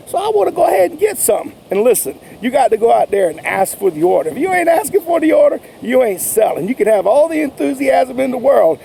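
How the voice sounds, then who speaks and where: A man's voice: high-pitched, vocal fry, mellow, slight background noise, low-quality recording. A man giving an enthusiastic, folksy sales pep talk as a sales coach, repeating his points. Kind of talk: motivational talk to camera.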